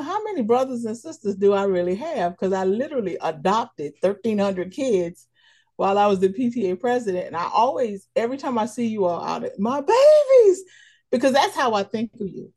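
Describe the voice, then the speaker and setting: A woman's voice: mid-range voice, expressive, moderate pace. A middle-aged woman, a local official, speaking as a podcast guest in a motherly way and praising the host with feeling. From Prince George's County, Maryland. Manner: warm motherly praise, emotional. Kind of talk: casual podcast interview.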